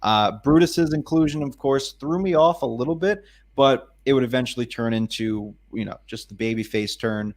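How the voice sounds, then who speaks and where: A man co-hosting a casual podcast, enthusiastic and listing points in a steady rhythm. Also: mid-range voice, normal speed. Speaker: podcast co-host. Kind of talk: casual chat.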